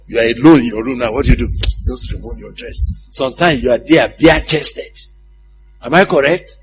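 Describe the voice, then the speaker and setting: A male preacher giving a conversational sermon, often putting questions to his congregation and laughing at his own stories. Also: medium pitch.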